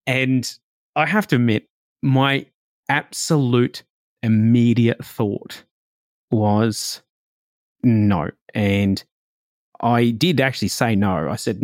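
A man hosting a podcast, telling a personal story in a relaxed, reflective way, full of "like" and "you know". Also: mid-range voice, slow pace, pauses often, dry recording, clean studio sound. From Australia. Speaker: podcast host.

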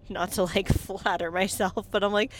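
Chatty woman vlogging, quick laughs. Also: medium pitch. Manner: chatty and animated, with frequent laughs and restarts. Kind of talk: casual chat to camera.

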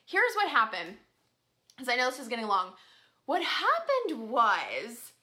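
Bright-voiced chatty young woman. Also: a little high. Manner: chatty, frequent "like" fillers, laughs often. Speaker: vlogger. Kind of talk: casual storytelling to viewers.

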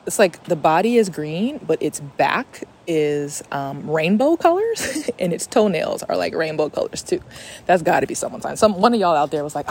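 A woman's voice: lowish voice, sing-song, normal speed, a little mellow, husky. A young woman hosting a podcast in a casual, rambling, profane chat, recorded on a phone voice memo. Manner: chatty, profane, rambling with fillers. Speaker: podcast host.

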